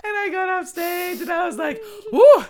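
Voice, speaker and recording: A woman's voice: very high voice, moderate pace, fairly bright tone. A young adult woman comedian hosting a casual, profane chat, talking frankly and laughing often. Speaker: comedian and podcast host.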